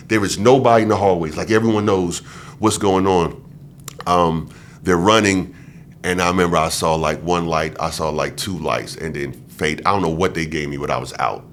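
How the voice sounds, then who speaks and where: Low-voiced man telling a story animatedly. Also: slight background noise. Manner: animated, slangy, acts out the voices he quotes. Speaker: podcast guest. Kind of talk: casual storytelling in an interview.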